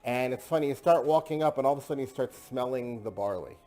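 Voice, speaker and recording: A man's voice: mid-range voice, quick pace, warm tone. A man hosting a casual tasting discussion, enthusiastic and chatty, often repeating himself. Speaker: host.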